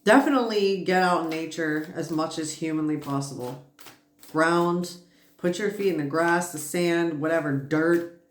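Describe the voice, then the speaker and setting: A tired woman giving a casual, reassuring spiritual tarot reading, chatty and quick to laugh. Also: sits low. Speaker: tarot reader. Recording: roomy echo.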